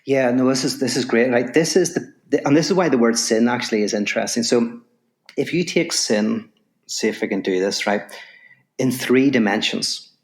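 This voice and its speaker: This Northern Irish man has a medium-pitched voice and talks at normal speed. Appearing on a podcast, he shares a parable, performing its characters' voices, then explains abstract concepts, often restarting phrases while he develops his points.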